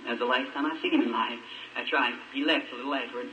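Man preaching, dramatic storyteller, sharp tone, distant echoey old recording. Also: mid-range voice, steady tone, quick pace, slight background noise. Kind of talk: sermon.

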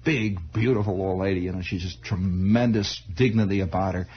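A man telling a long story on the radio in an improvised monologue, rambling and halting, with many restarts. It is a 1960s radio broadcast. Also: deep voice, steady tone, highs cut off, a little hiss or hum.

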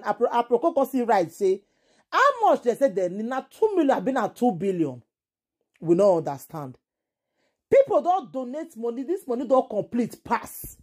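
A woman's voice: fairly high pitch, warm tone, breathy edge. A woman with a Nigerian accent giving casual vlog commentary, indignant and exclaiming, firing off rhetorical questions. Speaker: entertainment vlogger.

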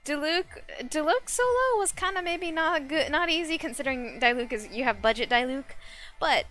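A woman streaming a game live, chatting casually and reacting excitably to the action. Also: high voice, moderate pace. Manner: animated, excitable, squeals and laughs at the game.

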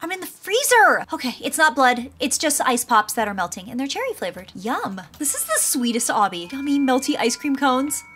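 Female gaming host, high bouncy voice, excitable play-by-play, faint game music underneath. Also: normal speed, hardly any pauses, slightly rough. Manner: excitable, gushing running commentary. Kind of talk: gameplay commentary.

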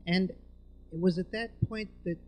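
Expressive male storyteller on a live stage. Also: high voice, normal speed. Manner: expressive, shifting between hushed and emphatic. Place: live event venue with audience.

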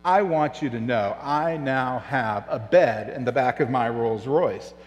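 A pastor doing a pompous luxury-car owner. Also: male voice, medium pitch, a little slow, big-room sound, lightly acted. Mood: smug. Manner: stiff and pompous. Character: proud rich man driving a luxury car.

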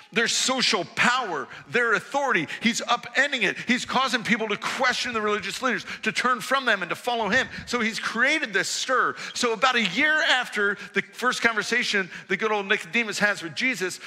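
Male preacher, high and bright, animated storyteller, church hall echo. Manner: animated storytelling, acts out quoted voices. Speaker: pastor. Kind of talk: sermon. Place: church auditorium.

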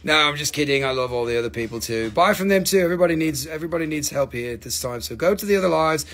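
A man's voice: a little high, animated, very fast, fairly bright tone. Joking, teasing man selling crystals live. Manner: joking, teasing, swears casually. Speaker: live-stream crystal seller. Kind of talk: joking live sales stream.

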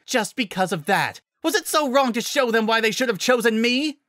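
A man's voice: very high voice, lively intonation, very slow, bright, forceful tone, no echo, studio quality, pitched above the performer's own voice, full character voice. A man voicing an unhinged, vengeful female ex-flier villain who screams and swears in a frantic rage. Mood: raging.

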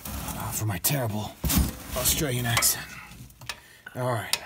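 A man's voice: medium pitch, normal speed, long pauses, very noisy. Chatty man narrating his own repair job. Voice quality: chatty, talks to himself while working, jokey asides. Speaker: DIY car repair host. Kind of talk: casual how-to narration while working.

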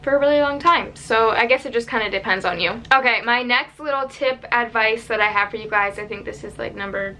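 A woman's voice: on the high side, a little fast, few pauses, pushed and bright, a little hiss or hum. A young woman vlogger chatting casually to camera with mom advice, rambling with lots of "like" and "um". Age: young adult. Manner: chatty, rambling, many "like" and "um" fillers.

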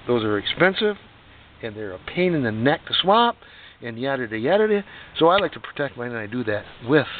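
Folksy man on tinny distant audio. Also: mid-range voice. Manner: folksy, rambling, joking asides. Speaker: DIY motorcycle repair vlogger. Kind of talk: casual how-to demonstration. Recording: tinny distant noisy phone-like sound.

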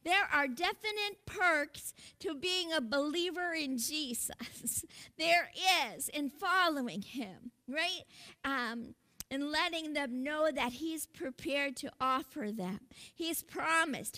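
A woman's voice: high-pitched, lively intonation, slow pace, sharp tone. A woman pastor preaching a sermon in an earnest way, calling out to her congregation and laughing lightly between points.

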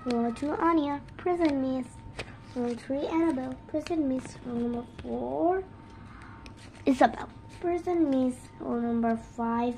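A woman narrating a pretend-school play session, switching between a teacher and her pupils. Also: sits high. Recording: noisy home recording.

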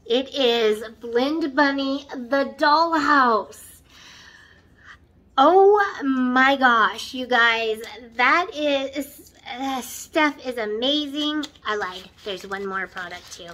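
A woman beauty vlogger in casual unboxing chat, gushing and excitable, who keeps talking straight to her viewers and drops into soft whispers when she admires something. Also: high voice, drawn-out words.

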